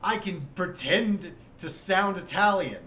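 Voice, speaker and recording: A man's voice: high voice, lively intonation, slow, bright, forceful tone. A young man co-hosting a podcast in casual chat, teasing and prodding his friend. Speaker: podcast co-host.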